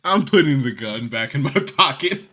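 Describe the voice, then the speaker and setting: A man's voice: medium pitch, animated, normal speed, sharp tone. A man playing a character in a tabletop game, laid-back and often laughing. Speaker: player.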